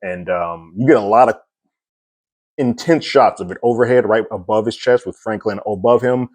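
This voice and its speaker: A man with a fairly low voice talks through a TV episode in a loose, animated recap, chuckling as he goes. The sound is dry and close, with no room echo. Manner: animated, chuckles often, slips into quick impressions. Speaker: TV episode reviewer. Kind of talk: casual recap commentary.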